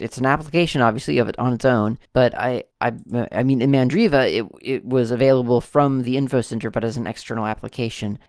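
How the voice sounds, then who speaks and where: Gravelly man rambling through a software demo. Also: mid-range voice, dry recording, studio quality. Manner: rambling, self-correcting, thinking aloud. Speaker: tech video host. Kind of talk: casual screen-recorded software walkthrough.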